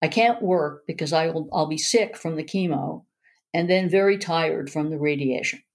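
A woman voicing a gentle, soft-spoken female therapist who talks simply and reassuringly. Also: low-pitched, normal speed.

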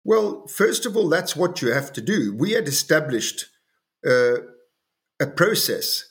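An older man from South Africa, a farm owner speaking as an interview guest, reflecting slowly with many fillers and restarts. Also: on the high side, very animated, fairly bright tone.

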